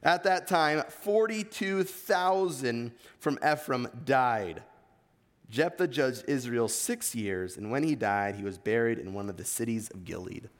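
A man's voice: medium pitch, lively intonation, a little slow. A man with an East Coast American accent preaching a sermon, reading scripture and pressing his points earnestly. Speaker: pastor. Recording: long hall reverb.

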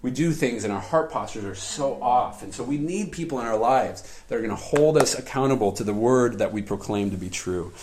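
A man preaching a sermon in a lively storytelling way, often laughing as he tells personal stories. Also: mid-range voice, a little fast, hardly any pauses, slight background noise. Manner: animated, laughs often while telling stories. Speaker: pastor.

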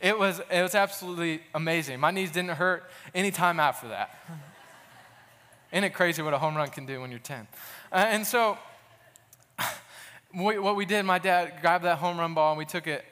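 A man's voice: on the high side, brisk, bright, forceful tone. A young adult man preaching a sermon in an earnest, casual way, telling stories and often restarting his sentences. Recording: long hall reverb.

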